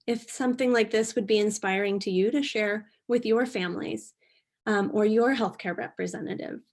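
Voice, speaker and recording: A middle-aged woman presenting an online workshop, speaking in a gentle, earnest way with frequent restarts. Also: mid-range voice, normal speed.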